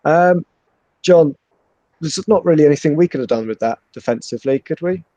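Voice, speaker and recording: Jokey Bristol-accented podcast host. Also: male voice, fairly high pitch, fairly quick, warm tone, no room sound. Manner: jokey, reads out viewer donations. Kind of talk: live football podcast chat.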